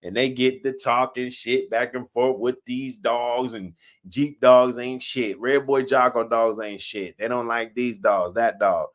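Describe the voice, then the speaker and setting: A man hosting a casual stream, swapping stories in loose slang. He laughs often and swears freely, his voice sitting at an ordinary middle pitch. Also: fairly even intonation, unhurried. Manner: acts out quoted people in a raised voice. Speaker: host. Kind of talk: casual live-stream storytelling.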